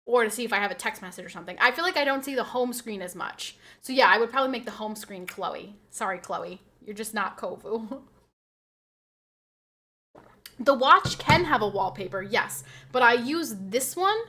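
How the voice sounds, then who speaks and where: A woman's voice: a little high, lively intonation, normal speed, sharp tone. A woman streamer chatting casually with her viewers, rambling and laughing often as she reads and answers chat.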